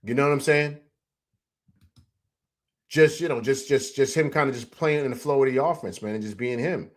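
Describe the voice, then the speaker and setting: A young adult man greets viewers and breaks down highlights during a casual postgame livestream of sports commentary. Speaking at a moderate pace, he sounds excited and animated, repeatedly filling space with "man" and "you know what I'm saying."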